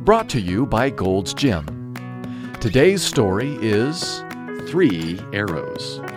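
A man giving a scripted announcement in a lively announcing manner. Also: lowish voice, slow. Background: guitar music.

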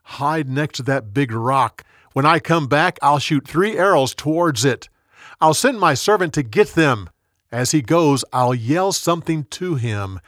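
A man's voice: on the high side, expressive, a little slow, a bit bright, no room sound, clean studio sound. A man voicing a loyal young prince, speaking earnestly and with urgency while telling a story. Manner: earnest, pleading.

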